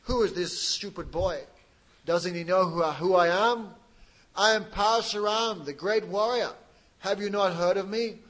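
A man voicing a furious old male warrior-sage who shouts, boasts and threatens with his axe, in a retold sacred tale. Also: high-pitched, a little slow, voice pushed up, poor audio. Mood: boastful.

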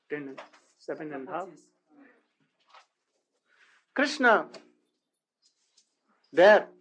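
A man with a high voice tells a devotional story slowly, one unhurried phrase at a time. His English is halting and non-native, and he keeps turning to his listeners with rhetorical questions. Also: a bit bright, slightly rough, low-quality recording. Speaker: spiritual lecturer.

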